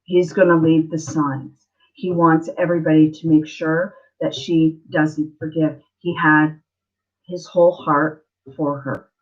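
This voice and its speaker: A woman hosting a live-stream spiritual reading as a psychic, speaking tenderly and emotionally, halting and repeating herself with many fillers. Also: deep voice. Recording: slightly muffled lo-fi stream audio.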